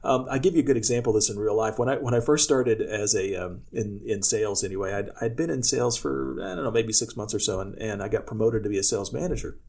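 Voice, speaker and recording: Husky-voiced male public speaking coach. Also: fairly low pitch, fast talker, few pauses, darkish tone. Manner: tells personal anecdotes, acting out quoted speech; loose, many restarts. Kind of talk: casual podcast talk.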